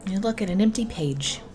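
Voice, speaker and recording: Slow, lively-voiced woman game master. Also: on the high side. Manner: playful, laughing, self-correcting. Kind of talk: narrating a tabletop game over a call.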